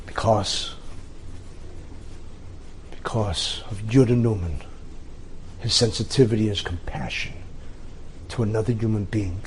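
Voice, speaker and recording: A middle-aged rabbi tells an inspirational story at a slow pace. He speaks in short, dramatic phrases broken by pauses, over a faint background hiss. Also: fairly low pitch.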